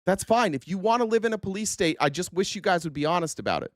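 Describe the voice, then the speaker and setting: A man's voice: sits high, animated, fast talker, no echo, studio quality. A male host giving a heated political commentary rant, firing profane rhetorical questions at his audience.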